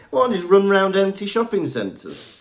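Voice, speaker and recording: A jokey man co-hosting a podcast, his voice rising and falling a lot as he banters. He laughs often and chats casually. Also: high voice. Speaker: podcast co-host.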